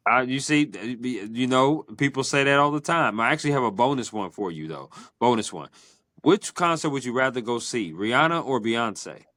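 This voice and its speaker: A man hosting a podcast, asking quick either-or questions in a playful, teasing way. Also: medium pitch, lively intonation, a bit bright, dry recording, clean studio sound. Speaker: podcast host. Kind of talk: casual interview chat.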